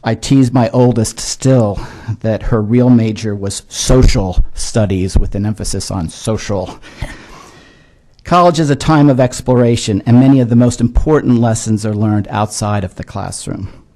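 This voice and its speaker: Testifying formally before legislators in a hearing room, a disability education expert in his sixties speaks in a measured, earnest manner. He uses filler words often, and his voice is lowish with a dark tone.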